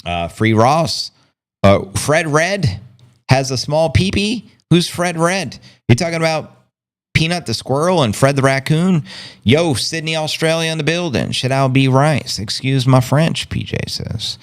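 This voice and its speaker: A man's voice: on the high side, lively intonation, unhurried. A man hosting a live stream, chatting casually and reading viewers' comments aloud. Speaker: livestream host. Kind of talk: casual livestream chat.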